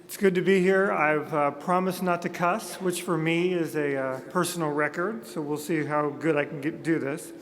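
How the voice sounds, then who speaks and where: A man's voice: on the high side, steady tone, moderate pace, few pauses, a bit bright. A man from Montana in his thirties giving a humorous, self-deprecating keynote speech at a conference. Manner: self-deprecating storyteller, jokey asides. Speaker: speaker at a conference. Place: large conference hall. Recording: echoey hall with long reverb.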